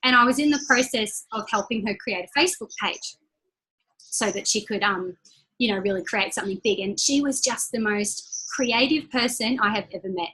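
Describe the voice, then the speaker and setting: A woman leading a training call, giving an upbeat motivational talk in a chatty, personal way and repeating key lines slowly for emphasis. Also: on the high side, sharp tone, rough recording. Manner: chatty and personal, laughs between points.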